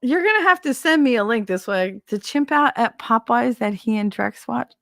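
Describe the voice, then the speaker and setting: A woman's voice: a little high, expressive, moderate pace, creaky, a bit bright, dry recording, clean studio sound. A woman hosting a casual livestream from a home setup on a desk microphone. She rambles in loose, stream-of-consciousness chat, swears freely and laughs often. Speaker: livestream host.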